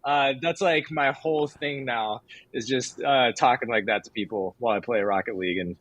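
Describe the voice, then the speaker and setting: An excitable man co-hosting a loose livestream chat. He jokes around and drifts onto tangents, his voice close and dry with no room sound. His pitch sits in the middle range for a man. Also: normal speed, no room sound, low-quality recording. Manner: excitable, joking, goes off on tangents. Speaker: co-host. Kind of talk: casual chat.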